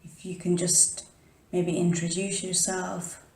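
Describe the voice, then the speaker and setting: A woman with a low, darkish voice and a flat delivery speaks slowly, rambling chattily to her camera in an echoey home room early in the morning. As a paranormal vlogger, she frequently whispers and interrupts herself.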